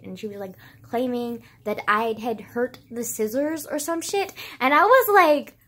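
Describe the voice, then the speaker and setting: A young woman's slightly high, a bit bright voice moves fairly quickly with few pauses. She's a vlogger recounting childhood stories to her viewers on camera, casual and rambling, heavy on "like" and swearing.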